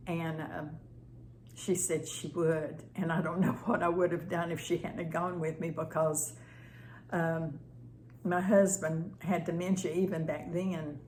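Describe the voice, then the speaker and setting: A woman's voice: deep voice, little pitch movement, measured pace, darkish tone, slight background noise. An older woman giving a tender, prayerful personal testimony as a channel host.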